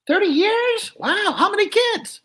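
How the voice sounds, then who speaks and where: A man voicing an impish little male ventriloquist dummy who teases the audience with brash, high wisecracks. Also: expressive, unhurried, pushed and bright, full character voice. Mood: cheeky. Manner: flirts with and ribs the audience. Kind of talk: ventriloquist act demonstrated in an interview.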